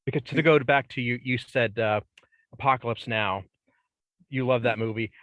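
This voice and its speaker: A man, an independent filmmaker on a podcast, talks in a thoughtful, measured way. His voice sits at an ordinary middle pitch. The recording is dry and close, with no room sound. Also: steady tone, fairly bright tone, no room sound. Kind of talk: casual chat.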